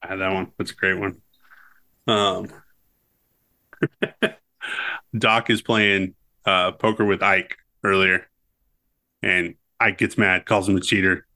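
A man's voice: low-pitched, flat delivery, takes it slowly, pauses often, bright, forceful tone. A man co-hosting a casual movie podcast, recounting scenes and cracking up as he goes. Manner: cracks up while recounting quotes. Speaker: podcast co-host.

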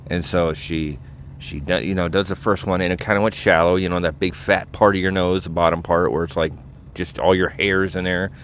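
A man with a very low, deep voice tells a rambling personal story in a casual, joking way. He swears freely and chuckles between lines. Faint background noise sits under his voice. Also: fairly even intonation, a little fast, fairly bright tone. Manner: profane, joking, chuckles often.

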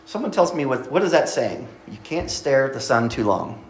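A man's voice: mid-range voice, very animated, moderate pace, background noise. Man preaching in an echoey church. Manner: conversational, asks the congregation questions. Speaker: pastor. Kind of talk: sermon. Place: church sanctuary.

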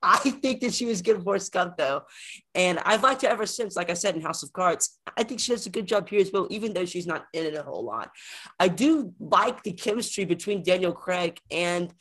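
On a film podcast, this male co-host reviews movies in a loose, casual chat, repeating words as he works out his thoughts. He speaks fairly quickly in a high-pitched voice with a bright, forceful tone.

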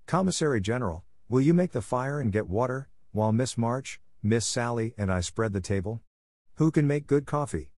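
A man voicing a grave, quiet young tutor who speaks calmly and politely, in a storybook reading. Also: mid-range voice, normal speed, dry recording, studio quality, close to an everyday voice. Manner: calm, polite.

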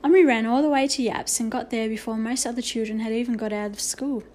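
A woman reading a children's novel aloud, expressive, with small slips and restarts. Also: a little high, fast. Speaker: narrator. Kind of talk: storybook reading.

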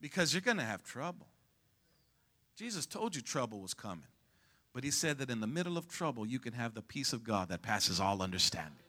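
A man preaching a sermon as pastor, calling out to the congregation to respond and rising to shouts at the peaks. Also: medium pitch, big pitch swings, brisk. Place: church sanctuary.

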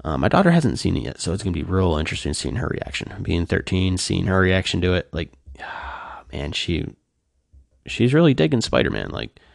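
A middle-aged man with a low, gravelly voice chats animatedly to camera, acting out the reactions he describes. The sound is dry and close, with no room in it. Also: moderate pace, dry recording. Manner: animated, acting out quoted reactions, heavy use of "like". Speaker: vlogger. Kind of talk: casual monologue retelling a movie reaction.

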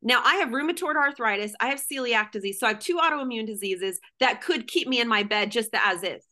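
A woman's voice: on the high side, animated, fairly quick, bright, forceful tone. A middle-aged woman guest speaking candidly and emotionally in casual conversation, full of "like".

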